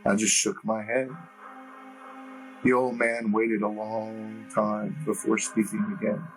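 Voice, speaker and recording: Guy narrating an audiobook super slow, lowish voice, faint music under it. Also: level tone, poor audio. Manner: slow, measured, deliberate reading. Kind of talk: scripted first-person narration.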